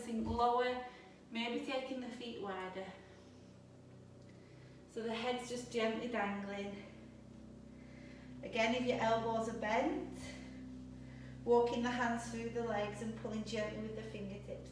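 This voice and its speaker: A young adult woman teaching a yoga class, calmly cueing breaths and poses, a little out of breath. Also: fairly high pitch, a little hiss or hum. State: slightly out of breath. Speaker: yoga instructor. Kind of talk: guided yoga class instruction. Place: yoga studio. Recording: echoey room, voice a bit distant.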